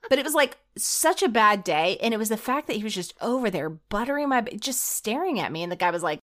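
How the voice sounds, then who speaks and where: A woman co-hosting a podcast, telling a story in an animated, laughing, breathless way. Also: mid-range voice, fast. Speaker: podcast co-host. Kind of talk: casual chat, telling a story.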